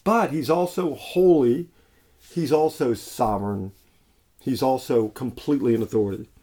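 A man's voice: mid-range voice, moderate pace, warm tone. A man preaching a sermon in a conversational way, with frequent restarts and fillers.

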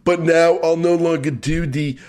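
A man's voice: on the high side, steady tone, moderate pace, darkish tone, pitched above the performer's own voice, close to an everyday voice. A man doing a drawling mock-American "dude" voice. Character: man mocking an American accent, saying "dude".

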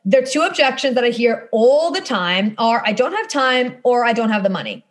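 Her voice a bit high with big swings in pitch, a thirty-something woman who hosts a podcast and coaches courses talks at a moderate pace. The monologue is casual, forceful and frank, sprinkled with offhand swearing.

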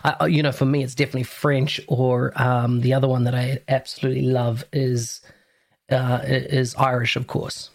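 A man with a New Zealand accent hosting a podcast interview, chatting in a relaxed, rambling way. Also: medium pitch, moderate pace, vocal fry. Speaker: podcast host. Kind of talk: casual interview chat.

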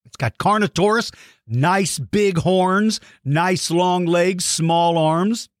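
A man hosting a children's podcast, reading out listener shout-outs and praising their artwork in a playful, encouraging way. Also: sits high, slow, dry recording, studio quality. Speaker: podcast host.

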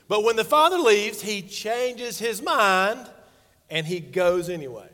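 Brief: man in his forties, pastor, high voice, joking conversational sermon, long hall reverb. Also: expressive, measured pace, fairly bright tone. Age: 40s. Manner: playful, conversational preaching with acted-out quotes. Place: church sanctuary stage.

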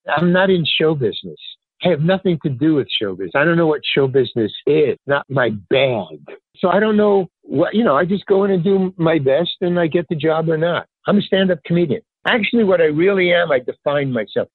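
A man's voice: on the high side, husky, dry recording. An older man and stand-up comedian, telling stories casually in an interview and acting out other people's lines. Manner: animated, acts out other people's lines in raised voices. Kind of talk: casual anecdotal storytelling in an interview. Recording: dry, phone-like narrow sound.

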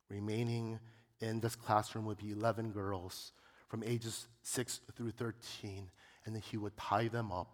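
A man's voice: mid-range voice, big-room sound. A man preaching a sermon, telling a story dramatically and building to impassioned peaks.

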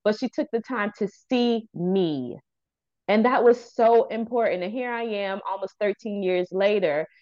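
A woman's voice: medium pitch, measured pace, dull audio. Earnest woman telling a personal story. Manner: earnest, animated storyteller acting out quoted dialogue. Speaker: guest, youth center founder and licensed therapist. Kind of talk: interview storytelling.

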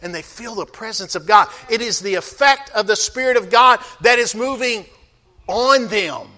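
A man's voice: high voice, moderate pace, pushed and bright. A man pastor preaching a sermon, calling out to the congregation for responses.

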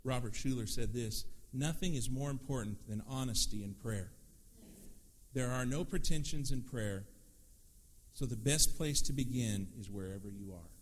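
A man preaching a sermon as pastor, lively and conversational, acting out prayers and quoted voices. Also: medium pitch, normal speed, a little hiss or hum.

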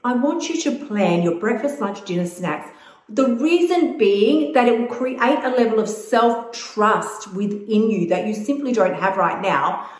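A woman's voice: a little high, lively intonation, a little slow. A woman coaching viewers on weight loss in blunt, emphatic, casual talk that swears freely. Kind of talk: casual direct-to-camera advice. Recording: echoey room.

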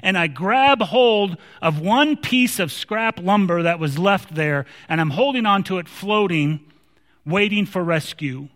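Bright-voiced man preaching a sermon. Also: sits high, animated, measured pace, in a large hall. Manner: emphatic, conversational preaching with restarts.

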